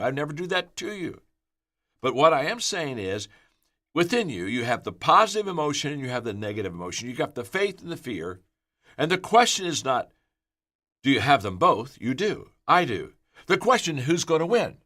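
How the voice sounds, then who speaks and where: An older man giving a motivational leadership talk, telling stories in an animated way and often repeating words as he speeds up. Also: medium pitch. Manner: animated storyteller, repeats words and restarts when excited. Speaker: leadership speaker.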